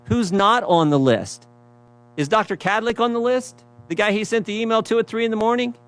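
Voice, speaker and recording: Man, slightly raised pitch; emphatic prepared speech, quotes and rhetorical questions. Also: fairly bright tone. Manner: emphatic, repeats phrases, asks rhetorical questions.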